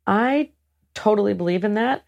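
A woman's voice: medium pitch, moderate pace, gravelly, muffled recording. A woman being interviewed about running a sailing program, chatting casually and acting out the things people say to her. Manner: lively storyteller who acts out what others say. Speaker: guest, head of a sailing program.

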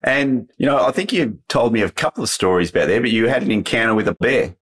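An Australian man hosting a podcast, asking relaxed questions and laughing along with his guest. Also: mid-range voice, fast talker. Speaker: podcast host, interviewer. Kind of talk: conversational interview.

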